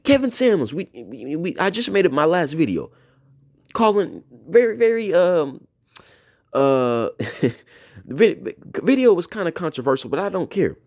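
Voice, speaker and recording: Profane ranting man, lively pitch swings. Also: a little slow, muffled recording. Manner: profane, repetitive, mocking tirade. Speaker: YouTube commentator. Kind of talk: ranting commentary video.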